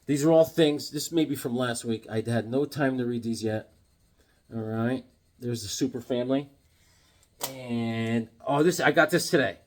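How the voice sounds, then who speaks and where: A man showing off his comic books in a casual vlog, animated and joking, with corny puns and sudden yelps. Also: mid-range voice, normal speed. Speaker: comic book vlogger. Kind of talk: casual show-and-tell chat.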